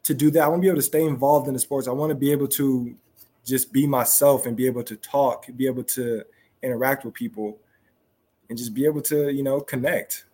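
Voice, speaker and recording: A young man, a professional football player, talking casually as a guest, softly and with many restarts. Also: mid-range voice, steady tone, breathy edge. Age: young adult. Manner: soft-spoken, halting with many restarts. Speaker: guest, pro football wide receiver. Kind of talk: casual interview talk.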